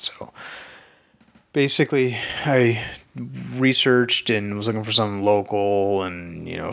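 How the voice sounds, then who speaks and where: A man's voice: low-pitched, creaky, sharp tone. A man, an independent filmmaker, telling a rambling, candid story in a casual monologue, with lots of fillers and some swearing.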